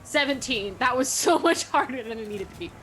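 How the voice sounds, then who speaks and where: Bright, expressive woman playing a tabletop game. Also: sits high, brisk, a little hiss or hum. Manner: expressive, dramatic asides. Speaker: player. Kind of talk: casual chat at a tabletop game.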